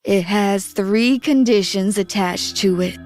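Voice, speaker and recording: A cryptic old woman drawls every word slowly and quietly, as if sharing a secret, a woman acting her out. It is an animated storytime voice, with faint music in the background. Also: mid-range voice, natural voice. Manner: slow, hushed and knowing. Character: mysterious old woman offering a magic pen.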